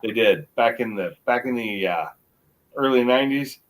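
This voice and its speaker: A man's voice: medium pitch, poor audio. Rambling middle-aged American man. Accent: mixed American. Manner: rambling, halting restarts. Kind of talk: casual chat.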